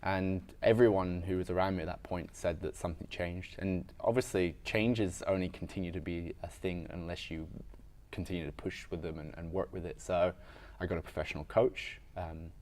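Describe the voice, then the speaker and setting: A man with a low, steady, slightly mellow voice, a strength coach appearing as a podcast guest, talks at a moderate pace about himself. His storytelling is candid, frank and reflective, casual and heavy with fillers.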